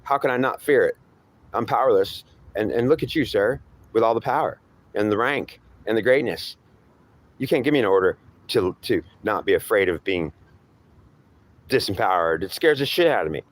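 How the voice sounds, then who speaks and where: A man's voice: on the low side, expressive, normal speed, voice pushed up. A man voicing a frightened, powerless male underling who pleads and rambles indignantly at his superior. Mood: fearful, indignant.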